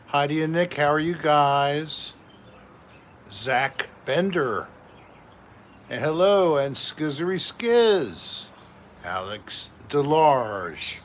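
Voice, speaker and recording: A man's voice: on the high side, slight background noise. A man hosting a casual live stream from home, chatting with viewers and reading out their names one by one. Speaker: livestream host.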